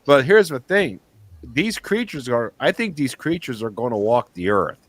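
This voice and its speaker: A man's voice: medium pitch, big pitch swings, normal speed, a bit bright, dry recording. Rambling male co-host, dry close sound. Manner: rambling storytelling with restarts. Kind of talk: casual chat.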